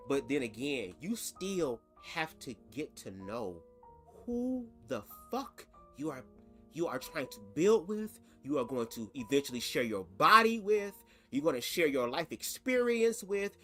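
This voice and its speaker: A man hosts a reaction vlog in a chatty, sassy, profane flow. His voice sits a little high, with faint music in the background. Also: a bit bright. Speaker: commentary host.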